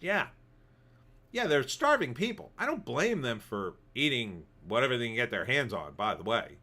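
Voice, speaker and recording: A man's voice: medium pitch, very animated, normal speed, bright, forceful tone. A man hosting a livestream, rambling casually as he reads viewer comments. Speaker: livestream host. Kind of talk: casual commentary reading chat.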